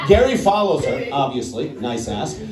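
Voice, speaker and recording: A Dutch-born stand-up comedian with an American accent tells a long story on stage in a medium-pitched, sing-song voice at normal speed, with music underneath. He's chatty and conversational, often tagging lines with "right?", heard from far off in an echoey room with a crowd and audience laughter.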